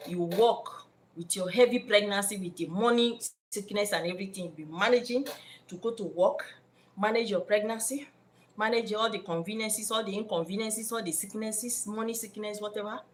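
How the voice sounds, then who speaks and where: A woman with a Nigerian accent giving spiritual life advice in an animated way, acting out scenes in different voices. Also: mid-range voice, a little hiss or hum.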